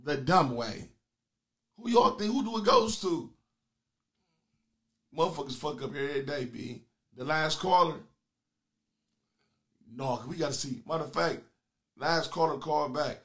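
A man hosting a comedy call-in show with loud, crude, taunting banter aimed at his callers. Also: on the high side, lively intonation, unhurried, pauses often.

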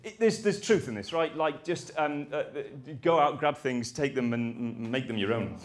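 A man's voice: mid-range voice, normal speed. A man giving a conference talk, rambling and self-deprecating, with jokey asides. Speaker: conference speaker.

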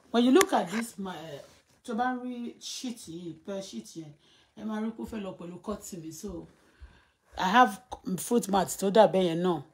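A woman in her thirties speaks in a fairly low, darkish voice with some breathiness, her accent Nigerian Yoruba. Chatting casually on her live stream, she laughs often and reads viewer comments aloud.

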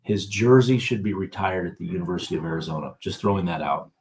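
Male podcast guest, easygoing sports talk, lowish voice. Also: fast talker, darkish tone, a little hiss or hum. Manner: easygoing, laughs often. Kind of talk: casual sports podcast chat.

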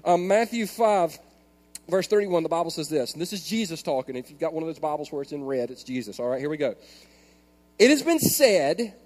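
A male pastor preaching a sermon in a church, moving between soft prayer and loud, animated storytelling. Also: on the high side, quick pace, in a large hall. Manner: animated storytelling, swings from hushed prayer to shouting. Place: large church hall.

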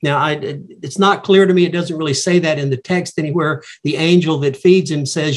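A man teaches a Bible study, reasoning through the text in a reflective, halting way. His voice is husky and sits a little high for a man.

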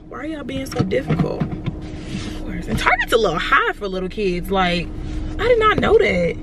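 A woman vlogging to camera in a chatty, expressive way, calling her viewers y'all as she films with a handheld phone in stores and her car. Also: fairly high pitch. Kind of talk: casual vlog talk to camera. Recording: noisy background.

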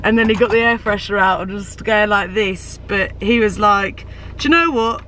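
A woman's voice: mid-range voice, steady tone, moderate pace, a bit bright, a little hiss or hum. A woman chatting casually to her phone for a vlog, telling stories, swearing freely and laughing often. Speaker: vlogger. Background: music.

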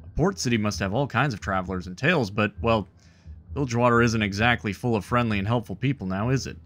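A man's voice: on the low side, fast, fairly bright tone, lightly acted. A man voicing a nervous, earnest young male bard while reading game dialogue aloud. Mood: earnest, wistful. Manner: reads the bard's lines aloud in his own voice.

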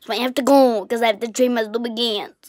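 A woman playing a bratty, self-absorbed young vlogger who talks in a whiny, petulant, deliberately clueless way. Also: on the high side, fairly even intonation, a little mellow, no echo, close to an everyday voice. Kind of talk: comic character vlog.

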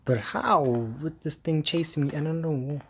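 A man playing a horror game, muttering jittery, exasperated commentary with hushed asides. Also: on the high side, level tone, moderate pace, slight background noise. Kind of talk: let's-play commentary.

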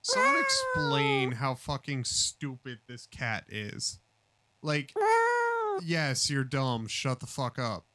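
A man's voice: huge pitch swings, slow pace, sharp tone, a little hiss or hum. A man on a call, streaming a crude comedic rant, hurling profane insults with sudden shrieks. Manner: insulting, profane, wildly swinging pitch. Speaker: streamer debating a cat.

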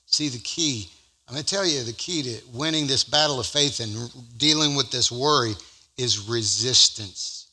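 A man preaching a sermon as pastor at a church service, swinging from loud emphatic peaks to slow, drawn-out scripture reading. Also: mid-range voice, slightly rough.

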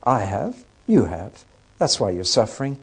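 A man quoting a gentle, pious old sage. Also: on the low side, very animated, measured pace, breathy edge, exaggerated voice. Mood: gently pleading. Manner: gently pleading, sure of himself.

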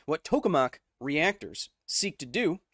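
A man's voice: a little high, very animated, unhurried, sharp tone, husky, no echo, studio quality. A man hosting a casual livestream, explaining science conversationally, checking in with viewers and answering their chat messages. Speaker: host.

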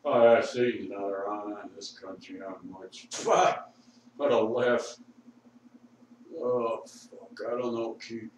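A man's voice: fairly low pitch, fairly even intonation, slow pace, heavy reverb, distant mic, a little hiss or hum, rough recording. An intoxicated man rambling profanely with laughs, talking outdoors on a street corner. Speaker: vlogger.

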